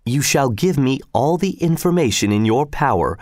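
A man voicing a shrewd, calm male detective who speaks in a measured, cheerfully persuasive way. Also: medium pitch, no room sound, clean studio sound, close to an everyday voice. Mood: deliberate.

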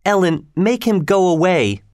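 A man voicing a bossy spoiled girl of thirteen, high and haughty, storybook reading. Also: very animated, a little slow, darkish tone, no room sound, clean studio sound. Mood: upset. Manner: imperious, demanding, higher voice.

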